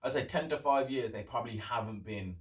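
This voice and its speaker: A man's voice: mid-range voice, fairly quick, recorded from a distance, rough recording. A young man hosting a solo podcast, rambling in casual chat, sarcastic and swearing as he rants. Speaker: podcast host.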